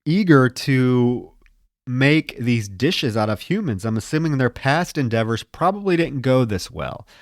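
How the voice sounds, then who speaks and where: A man's voice: medium pitch, animated, measured pace, no echo, studio quality. A man co-hosting a podcast, casually recapping a horror movie plot with loose, profane chatter. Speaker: podcast co-host. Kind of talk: casual film discussion.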